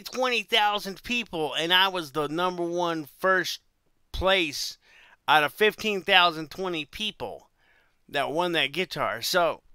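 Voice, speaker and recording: A man in his forties rambles through a personal story, circling back and repeating himself. His voice is a touch high and smooth, with a very bright, cutting edge. The sound is dry and close, with no room around it. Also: dry recording. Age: 40s. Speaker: vlogger telling life stories. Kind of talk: casual storytelling monologue.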